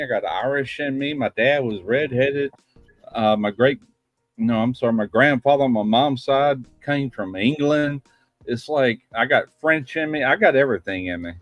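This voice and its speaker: Hosting a casual live stream from his home studio, a man rambles in a folksy, plain-spoken way and drops the word "ain't." His voice is medium-pitched, and the audio is dull with no echo.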